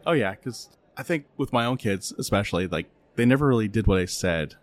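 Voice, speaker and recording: A man's voice: fairly low pitch, fairly quick. A middle-aged man hosting a podcast, chatting casually and telling stories with plenty of fillers. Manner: storytelling, animated when laughing, filler-heavy. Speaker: podcast host. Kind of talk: casual interview chat.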